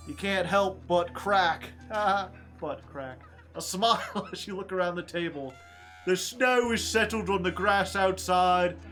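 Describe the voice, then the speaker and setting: Streaming a game, a man with a high-sitting voice quietly reads the story text aloud, pausing now and then to joke with his chat.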